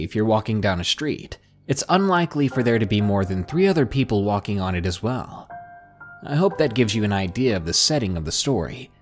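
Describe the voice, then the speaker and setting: Guy reading creepy stories, low voice that swings around a lot, faint music behind. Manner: dramatic, expressive storytelling. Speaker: podcast narrator. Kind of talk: scripted horror story narration.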